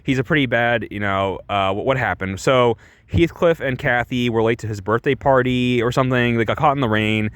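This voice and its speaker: A man's voice: medium pitch, normal speed, fairly bright tone, clean tone, no echo. A man giving a casual, rambling movie review, full of restarts and fillers, who swears freely.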